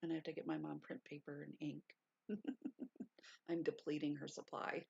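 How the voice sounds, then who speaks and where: A woman chatting casually to her stream viewers from her bedroom, repeating herself and gushing with excitement, sometimes keeping her voice down. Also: sits low, normal speed, creaky, breathy edge, no room sound. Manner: hushed at times to stay quiet. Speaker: vlogger. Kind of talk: casual livestream chat. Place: bedroom at home. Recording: dull lo-fi sound.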